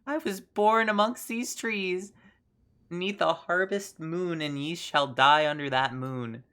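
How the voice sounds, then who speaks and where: A woman putting on the voice of a spiteful old female witch, drawing each cursing word out slowly while reading game dialogue aloud. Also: on the low side, a bit bright, voice pushed up. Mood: ominous. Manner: slow, drawn-out incantation.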